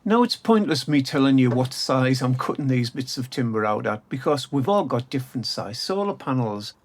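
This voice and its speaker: A man's voice: medium pitch, animated, normal speed. A middle-aged man, talking casually through a DIY build outdoors and tossing in jokey asides and tag questions like "eh?". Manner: chatty, jokey, fond of tag questions like "eh?" and "don't you?". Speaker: DIY channel host. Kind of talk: casual DIY how-to narration. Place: outdoor garden workspace, light rain.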